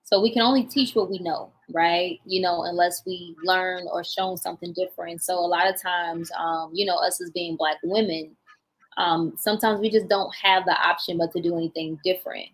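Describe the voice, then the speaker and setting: Breathy, chatty woman guest. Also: on the low side, moderate pace, rough recording. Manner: relaxed, chatty, laughs while talking, uses everyday analogies. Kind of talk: casual conversation.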